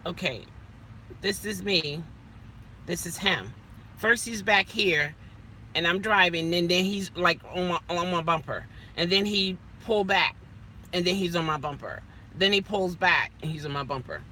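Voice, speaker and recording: A woman's voice: fairly low pitch, measured pace, sharp tone, a little hiss or hum. A woman rideshare driver chatting casually to her vlog from inside her car, rambling with little self-talk asides.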